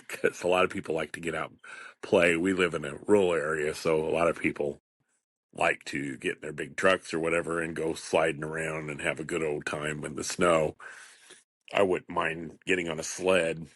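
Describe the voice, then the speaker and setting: Rambling low-voiced man in his fifties. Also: fairly bright tone, no room sound, clean studio sound. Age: 50s. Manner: rambling, chatty, chuckles often. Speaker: podcaster. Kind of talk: casual solo podcast monologue.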